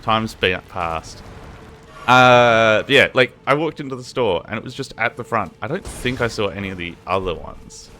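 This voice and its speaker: A man's voice: fairly low pitch, expressive, normal speed, sharp tone, faint music behind. A young man streaming a game, chatting and rambling to his viewers in a casual, swearing way, sounding tired. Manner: rambling, swears a lot, chatty asides to chat. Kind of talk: casual gaming stream chat.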